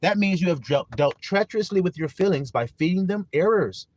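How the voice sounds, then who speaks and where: A male preacher delivering a sermon in an animated, emphatic way with casual profanity. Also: high voice, brisk.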